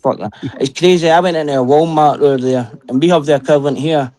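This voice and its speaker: A Scottish man trading jokes in loose, profane chat. His voice sits a touch high for a man, and he swears freely and teases as he talks. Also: fairly even intonation, quick pace, mellow. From Scotland. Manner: profane, joking banter. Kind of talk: casual chat.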